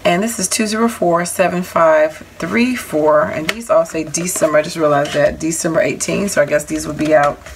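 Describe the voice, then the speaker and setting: A woman's voice: deep voice, steady tone, moderate pace, few pauses. A woman casually showing and explaining craft dies in a home vlog, chatty, with apologetic asides. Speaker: crafting vlogger showing a haul. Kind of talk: casual show-and-tell. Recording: audible background noise.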